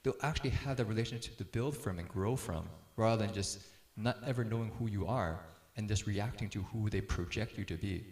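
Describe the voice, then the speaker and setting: Casting note: middle-aged man, lowish voice, easygoing speaker on family life, talking in a roomy hall. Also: a little fast, hardly any pauses. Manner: relaxed storyteller, laughs easily, acts out quotes. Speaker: speaker on parenting. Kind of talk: casual talk to a group.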